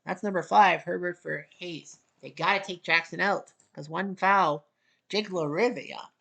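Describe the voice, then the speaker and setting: A woman's voice: on the low side, creaky. Clipped play-by-play woman from Canada. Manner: clipped, rapid calls, wry asides, rising excitement near the end. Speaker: play-by-play commentator. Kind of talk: casual solo play-by-play of a basketball video game.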